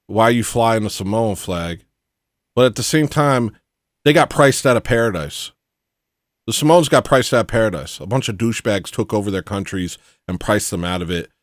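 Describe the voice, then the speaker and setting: A man ranting casually as a comedic livestream host, mumbling asides between louder bursts. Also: on the low side, expressive, moderate pace, no echo, studio quality. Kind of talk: rambling comedic livestream rant.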